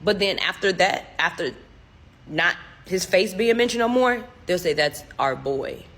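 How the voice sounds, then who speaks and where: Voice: medium pitch, measured pace, a bit bright. A casual storyteller retelling a spooky story in a loose, rambling way, full of "like" fillers and little voices for the people quoted.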